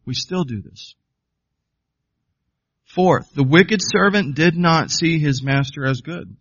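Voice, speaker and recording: A man's voice: on the high side, slow, fairly bright tone, no echo, dull audio. A man preaching a sermon as pastor, emphatic, often putting questions to the congregation.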